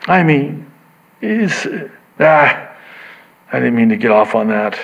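Guy giving a sermon, mid-pitched, chatty, jumps way up when he acts out people, kinda dull lo-fi audio. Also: slow pace, gravelly. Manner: animated, acts out quoted voices with sudden pitch jumps; conversational, self-interrupting with asides. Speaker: pastor.

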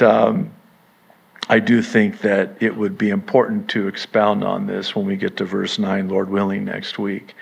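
A man's voice: on the low side, vocal fry, slightly rough. A man preaching a sermon as pastor, emphatic, with rising bursts of intensity and wry humor.

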